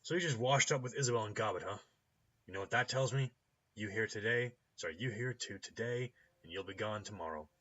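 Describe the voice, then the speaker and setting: A man's voice: lowish voice, brisk, bright, forceful tone, highs cut off, pitched above the performer's own voice. A man voicing a brusque, suspicious male gatekeeper on an intercom, with an American accent. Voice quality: brusque, curt.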